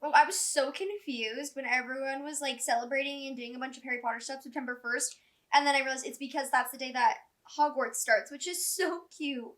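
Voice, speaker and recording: A woman chatting excitedly in a casual reading vlog at home, filling her talk with "like". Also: sits high, a little fast. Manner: chatty and excitable, heavy use of "like". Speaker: book vlogger.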